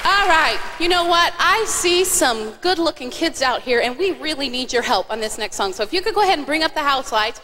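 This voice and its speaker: A woman's voice: high-pitched, expressive, fairly quick, few pauses, bright, forceful tone, some chatter behind. A woman singer on stage at a live church concert, cheerfully coaching children through song actions over a stage microphone. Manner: cheerful, coaxing, directing children. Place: large church auditorium. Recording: long hall reverb, faint audience noise.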